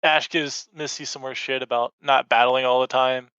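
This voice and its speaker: A man's voice: medium pitch, fairly even intonation, moderate pace, sharp tone, clear, resonant tone, dry recording, dull audio. A man appearing as a podcast guest, recapping the story in a laid-back, easygoing way. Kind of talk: casual episode recap chat.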